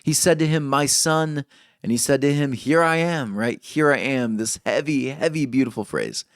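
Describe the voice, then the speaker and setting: A man's voice: mid-range voice, normal speed, dry recording, clean studio sound. A man preaching a sermon, reading scripture aloud expressively and stopping to comment on it. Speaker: pastor.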